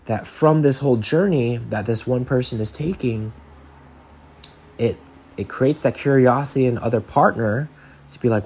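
Earnest and meandering, a male podcast host talks casually, constantly restarting and saying "like." His mid-range voice moves at a normal speed and is a little mellow with a breathy edge.

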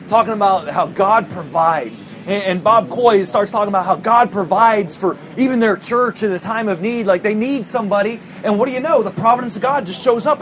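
Guy preaching, kinda high voice, tells it like a story, gets loud and worked up, faint hum behind. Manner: storytelling, emphatic, rising to near-shouting when recounting anger. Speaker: pastor. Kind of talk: sermon.

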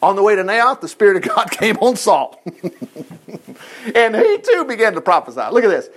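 Male Bible teacher, higher voice, animated, chatty, chuckles as he goes. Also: normal speed.

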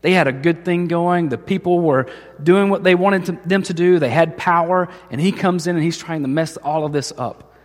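A man's voice: a little high, normal speed. A man preaching a sermon as pastor, telling stories and acting out the voices of the people in them. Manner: storytelling, acts out voices in quotes. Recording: long hall reverb.

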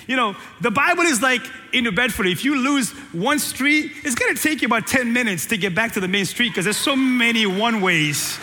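A man preaching in a church with a high, bright voice that rings with the long reverb of a large hall. He preaches in an animated, jokey way, teasing his congregation and repeating lines for emphasis. The sound is that of a sermon captured in a big sanctuary. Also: fairly quick, few pauses. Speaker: pastor.

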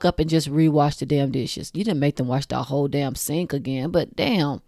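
A woman's voice: low voice, moderate pace, hardly any pauses, warm tone, no echo, studio quality. A woman in her forties hosting a show, talking frankly and casually to her listeners, swearing freely and laughing at her own jokes. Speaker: podcast host.

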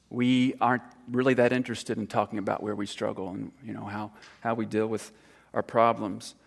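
A man gives an informal sermon as a church counselor. His low, gravelly voice rings with a long hall reverb. He talks in an earnest, halting way, stopping often to restart. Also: flat delivery. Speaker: church counselor speaking to congregation.

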